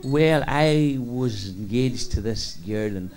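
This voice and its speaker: A man doing a painfully slow-talking fella. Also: mid-range voice, a little mellow, lightly acted. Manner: very slow, drawn-out speech. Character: slow-talking Irish man who cured his stammer.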